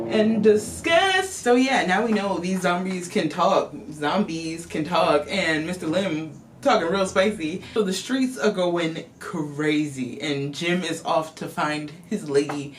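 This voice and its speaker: A woman vlogger giving a casual, profane, animated movie recap to camera. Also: on the low side, normal speed, few pauses, slight background noise.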